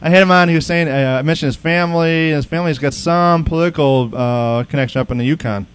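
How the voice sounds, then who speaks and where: A man's voice: a little high, fast talker, clean tone. A man hosting a podcast, chatting casually and rambling with many restarts. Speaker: podcast host. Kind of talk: casual chat.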